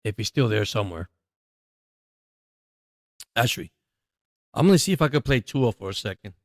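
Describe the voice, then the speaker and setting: Chatty low-voiced man streaming sports. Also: animated, no echo, clean studio sound. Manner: chatty, rambling, quick to laugh. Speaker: live-stream sports host. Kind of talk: casual live-stream chat with play-by-play.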